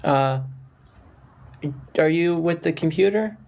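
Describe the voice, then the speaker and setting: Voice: medium pitch, slow pace, creaky, darkish tone. A player in a tabletop game, talking hesitantly with stammers. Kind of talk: casual tabletop play.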